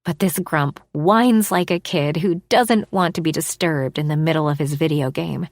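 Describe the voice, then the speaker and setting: A woman narrating a romance audiobook in the first person, expressive, dropping to a hush for inner thoughts. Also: low-pitched, moderate pace, dry recording.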